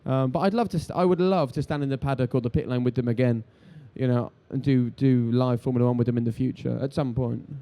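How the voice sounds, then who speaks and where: A quick, animated man in his thirties tells stories on a live event stage. His voice is dark and mellow, and he acts out the voices of people in his anecdotes. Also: mid-range voice. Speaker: TV sports presenter, interviewed guest. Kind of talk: lively anecdotal storytelling on stage.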